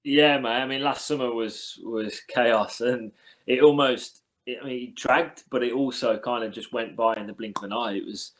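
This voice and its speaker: An English man in his thirties, a cricketer, chatting casually in an interview, relaxed and hesitant with many fillers. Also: medium pitch, normal speed. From England. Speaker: cricketer guest.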